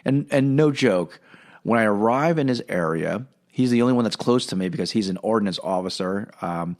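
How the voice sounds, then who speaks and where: A man's voice: on the low side, expressive, normal speed, darkish tone. A man hosting a podcast, telling a long personal story in a casual, rambling way with lots of fillers and restarts. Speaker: podcast host.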